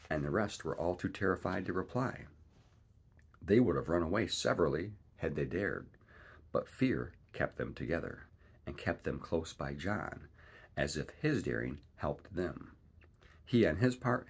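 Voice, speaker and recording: Deep raspy dad reading aloud, voice goes up and down a lot. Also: male voice, a little slow. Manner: lively, expressive reading. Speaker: reader. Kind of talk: storybook read-aloud narration.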